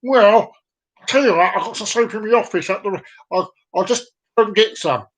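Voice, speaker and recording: A man doing a brisk posh bishop. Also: high voice. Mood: obliging.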